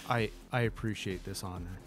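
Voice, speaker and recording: A man's voice: on the low side, steady tone, brisk, soft background music. A man playing in a tabletop game, speaking in character in an earnest, playful way. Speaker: player.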